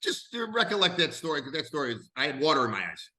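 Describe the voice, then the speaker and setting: A man's voice: fairly high pitch, big pitch swings, fast talker, pushed and bright. A man from the Chicago area hosting an interview, asking long rambling questions with enthusiasm. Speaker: host.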